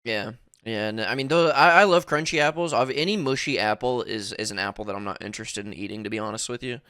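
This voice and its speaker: Smooth-voiced man trading blunt opinions. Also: on the low side, bright, forceful tone, no echo, clean studio sound. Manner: emphatic, profane, quick opinions. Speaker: podcast co-host. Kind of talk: casual chat.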